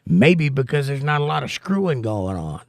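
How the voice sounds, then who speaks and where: A man's voice: mid-range voice, sing-song, normal speed, creaky, dry recording. Argumentative male livestream host, dry sound. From United States. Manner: argumentative, sarcastic. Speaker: livestream host reading chat. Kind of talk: political livestream chat.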